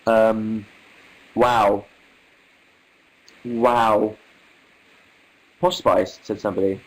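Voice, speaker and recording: A man's voice: on the low side, fairly even intonation, very slow, low-quality recording. A young English man hosting a casual livestream, reading viewer comments aloud with wry, amused asides in an articulate manner. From England. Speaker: livestream host.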